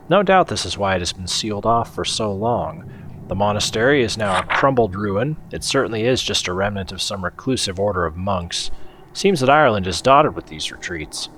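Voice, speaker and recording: A man's voice: sits low, fairly bright tone, slight background noise. A man hosting a game playthrough, chatting and joking with mild swearing as he plays. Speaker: let's play host. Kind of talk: casual gameplay commentary.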